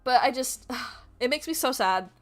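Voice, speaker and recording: A young adult woman streamer chatting casually while drawing, animated and profane, often laughing. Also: high-pitched, moderate pace. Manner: animated, swearing, laughing, quoting people in mock voices.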